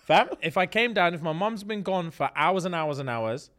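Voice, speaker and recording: A young man, co-hosting a podcast in a jokey, animated storytelling manner. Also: high voice, moderate pace. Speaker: podcast co-host. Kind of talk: casual chat.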